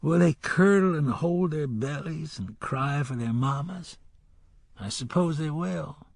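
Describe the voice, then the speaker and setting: A man narrating voices a weary, grim male cook who speaks gruffly and tiredly. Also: fairly high pitch, expressive, a little slow, no echo, studio quality, voice pushed up, exaggerated voice.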